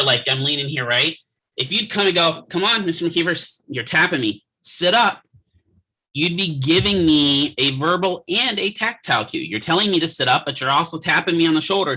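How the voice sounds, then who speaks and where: A man lectures students on physical therapy from his office, cracking jokes, sharing anecdotes, and checking in with frequent rhetorical questions. His voice is a little high, bright, and forceful with a breathy edge, and the audio quality is poor.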